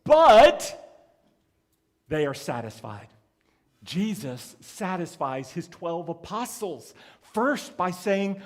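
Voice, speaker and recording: A man's voice: high voice, sing-song, slow pace. A man preaching a sermon as pastor, asking rhetorical questions and chuckling as he goes.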